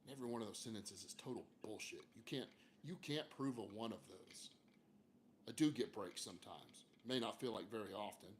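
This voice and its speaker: A man's voice: fairly low pitch, brisk, a little hiss or hum. A man livestreaming from an outdoor porch, talking casually and frankly with lots of fillers and some mild cursing. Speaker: therapist hosting a livestream. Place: outdoor porch, hot, under a fan.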